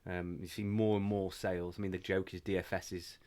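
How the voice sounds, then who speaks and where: A man hosting a podcast in a warm office, chatting casually in a rambling, jokey, self-deprecating way. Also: deep voice, little pitch movement, fairly quick. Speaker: podcast host.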